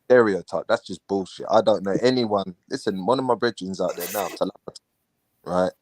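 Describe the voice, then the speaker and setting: A man's voice: low-pitched, moderate pace, darkish tone, no room sound. A man hosting a casual live talk stream, laid-back and slangy, often mocking others by acting out what they say. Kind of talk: casual chat.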